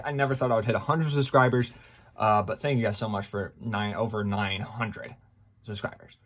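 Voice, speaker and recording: A man in his twenties talking to his viewers in a casual, rambling vlog, excitable and full of fillers. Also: on the low side, normal speed. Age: 20s. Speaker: gaming YouTuber.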